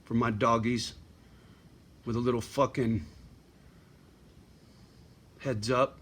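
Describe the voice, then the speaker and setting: A man's voice: medium pitch, steady tone, takes it slowly, a bit bright, slightly rough. A middle-aged man ranting bluntly to his viewers in a profane, surly home vlog. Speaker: vlogger. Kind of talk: profane rant to camera.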